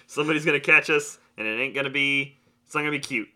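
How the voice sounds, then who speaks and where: Bright-voiced joking man. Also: mid-range voice, fast. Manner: joking, profane, theatrical. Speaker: podcast co-host. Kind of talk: casual banter.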